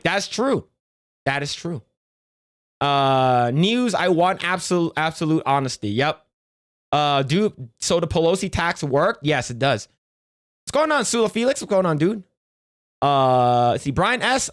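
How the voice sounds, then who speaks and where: A man's voice: a little high, fairly bright tone, no echo, clean studio sound. A man streaming live, reading donations in casual chat, stammering and restarting often, joking offhandedly.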